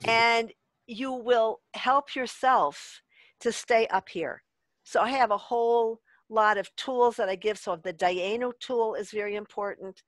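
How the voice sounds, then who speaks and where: A woman leading a workshop on an online group call, lively and laughing as she acts out the voices she quotes. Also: fairly high pitch, measured pace, no echo. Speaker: workshop leader. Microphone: video call.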